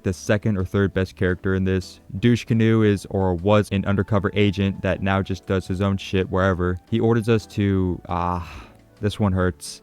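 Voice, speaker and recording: A man with a smooth, low voice rattles through a comedic video game recap, sarcastic and crude. He swears constantly and mocks everything on screen. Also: darkish tone. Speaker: gaming video narrator.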